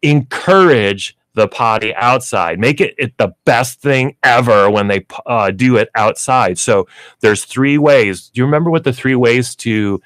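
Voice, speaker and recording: Hosting a pet store show from a radio studio, this man discusses pet training chattily with plenty of fillers. His mid-range, fairly bright voice has lively intonation and an unhurried pace, and the recording is dry.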